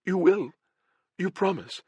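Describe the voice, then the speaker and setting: A man's voice: high-pitched, animated, slow pace, warm tone, husky, no echo, pitched above the performer's own voice, heavily acted. A man voicing a frightened young woman who is dying and pleads in a small, whimpering voice. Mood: frightened pleading.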